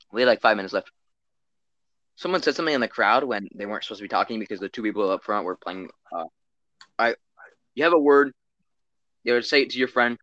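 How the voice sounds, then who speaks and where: A man's voice: medium pitch, sharp tone, no room sound. Teen boy podcaster, casual rambling chatter, dry, slightly muffled recording. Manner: rambling, swears a lot, trails off and restarts. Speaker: podcast co-host. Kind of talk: casual chat.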